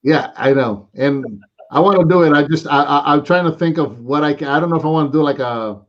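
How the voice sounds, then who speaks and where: A man's voice: on the high side, fairly quick. Chatty American man on muffled stream audio. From United States. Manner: chatty, rambling, says "man" often. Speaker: co-host. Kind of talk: casual live chat.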